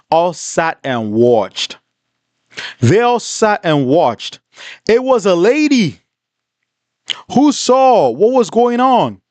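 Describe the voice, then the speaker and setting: A man hosting a livestream, reading comments and telling a story in an animated, repetitive, indignant way. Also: high voice, dry recording. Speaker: livestream host.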